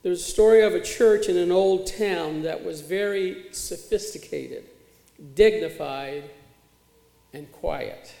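A man's voice: high-pitched, takes it slowly, gravelly, warm tone. A man preaching a sermon as pastor, in a plain conversational way with occasional fillers, recorded in a church sanctuary. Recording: echoey church hall.

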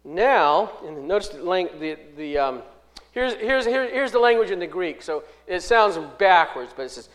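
A man preaching a sermon, reading scripture aloud and explaining it, with big swings in loudness and slowing down on key phrases. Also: high voice, expressive.

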